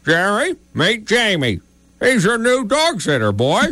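A man's voice: sits high, wildly swooping pitch, unhurried, sharp tone, dry recording, exaggerated voice. A man voicing a scolding cartoon dog owner. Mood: friendly. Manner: scolding and impatient. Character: dog owner, stern husband. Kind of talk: cartoon voice acting.

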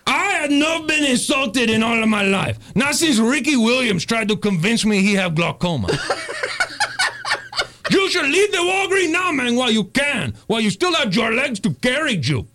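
A man's voice: extremely high pitch, big pitch swings, normal speed, pauses often, sharp tone, a little hiss or hum, exaggerated voice. A man playing a swaggering, menacing male gangster pharmacist in a comedy sketch, with a thick put-on accent and broken grammar, threatening and laughing at his own jokes.

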